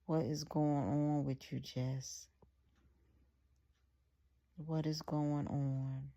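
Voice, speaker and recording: Fed-up scolding wife as a woman reads her, very low voice, creaky, slow. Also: flat delivery, exaggerated voice. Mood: pleading. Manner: pleading then scolding forcefully. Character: hurt, fed-up wife confronting her husband. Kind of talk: read-aloud storytelling.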